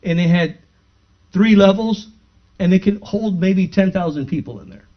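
This sermon testimony comes from a pastor with a high male voice talking at normal speed. He shares a personal story with his congregation, performing the conversations in it, and works up to fervent praise, all captured on a dull, low-fidelity recording.

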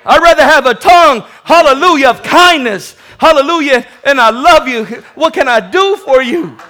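A man preaching a lively sermon as pastor, animated and laughing as he goes, often calling out hallelujah. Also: extremely high pitch, moderate pace.

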